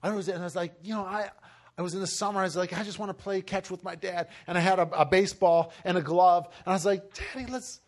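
A man's voice: high-pitched, little pitch movement, fast. A man preaching a sermon and telling a personal story, talking with many fillers and restarts. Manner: emotional, acts out family voices, rising to shouts.

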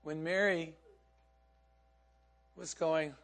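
A man with a high voice preaches a sermon in a loose, conversational way. He puts questions to the congregation and laughs often as he talks. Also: fairly even intonation, drawn-out words, gravelly, a bit bright.

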